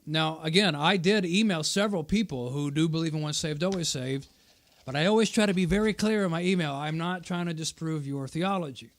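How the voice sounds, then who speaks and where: A man's voice: a little high, brisk. A man hosting his own channel, reviewing a debate in casual commentary, arguing at length and answering viewer comments as he goes. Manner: argumentative, explains at length, repeats points for emphasis.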